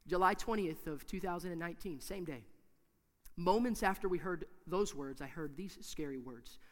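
A man's voice: fairly high pitch, moderate pace. Emphatic male preacher in a reverberant hall. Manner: emphatic, repetitive preaching with swings from hushed to loud. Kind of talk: sermon.

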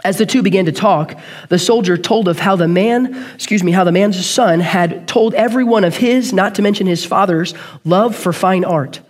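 A man preaching a sermon, telling a story earnestly and quickly, and sometimes correcting himself mid-sentence. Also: high voice.

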